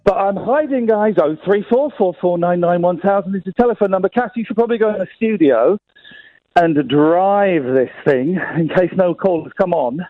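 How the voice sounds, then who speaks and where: A man's voice: high-pitched, normal speed, no room sound, phone-quality sound. A man hosting a late-night radio phone-in, out of breath and talking in a playful, teasing way from a spot outside the studio. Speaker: radio host. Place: hiding outside the studio building.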